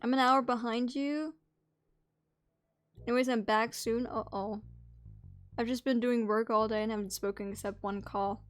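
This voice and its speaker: A woman's voice: fairly high pitch, fairly even intonation, normal speed, pauses often, faint music behind. A young woman live-streaming in casual chat, teasing her friends playfully and swearing freely.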